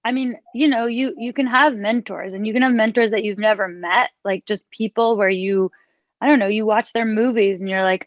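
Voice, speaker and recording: A woman's voice: mid-range voice, normal speed, dry recording. A young woman chatting casually with lots of fillers and restarts, and sometimes reading aloud from her own book. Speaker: author and interviewer. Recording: dull lo-fi, dry sound.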